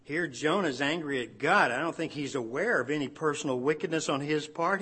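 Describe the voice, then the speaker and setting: A man's voice: a little high, brisk, few pauses, sharp tone, slightly rough. Man preaching a conversational sermon. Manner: conversational preaching, with rhetorical questions and small laughs. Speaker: pastor.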